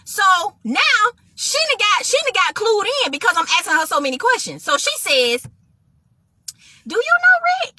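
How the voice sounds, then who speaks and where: A woman's voice: extremely high pitch, normal speed, hardly any pauses, no room sound. A woman telling a personal testimony story to listeners, acting out both sides of the conversation. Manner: animated, addresses listeners as y'all.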